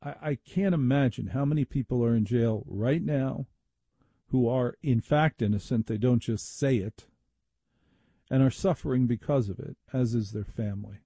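A man hosting a talk radio show with a gravelly, very dark and husky voice. He delivers an opinionated, sardonic monologue with indignant edges. The studio sound is close and dry. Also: medium pitch, normal speed, no echo.

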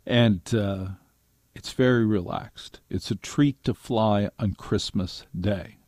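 Speaking slowly in a fairly low, slightly mellow voice, an older radio host spins wry stories for his listeners, performing the quotes along the way. The studio-quality recording has no echo.

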